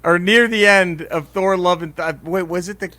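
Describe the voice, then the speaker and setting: A man's voice: high voice, moderate pace, bright, forceful tone. A man co-hosting a podcast in casual banter, profane and joking, laughing often and restarting his sentences as he rambles. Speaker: podcast co-host.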